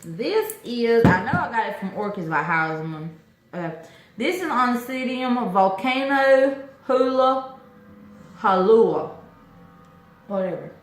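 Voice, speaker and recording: A woman chatting excitedly to camera about her orchids, talkative, with lots of exclamations. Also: on the high side, slow, reverberant. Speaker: orchid-growing vlogger. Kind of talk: casual chat to camera.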